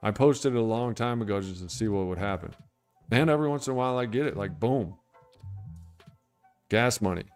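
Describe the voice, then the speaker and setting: A man's voice: lowish voice, a little fast, pauses often, clean tone, faint music behind. A man hosting a casual livestream, chatting in a rambling, laid-back way and answering viewers' comments. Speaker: livestream host. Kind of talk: casual livestream chat about sobriety.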